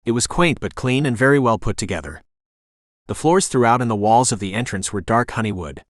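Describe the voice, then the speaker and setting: A man narrating a romance audiobook in the first person, calm and even. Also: mid-range voice, fairly quick, no echo, studio quality.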